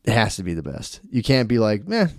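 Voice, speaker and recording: A man in his thirties co-hosting a podcast, telling a story in casual chat, animated, with lots of swearing and "dude". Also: on the low side, fast, no echo, clean studio sound. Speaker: podcast co-host.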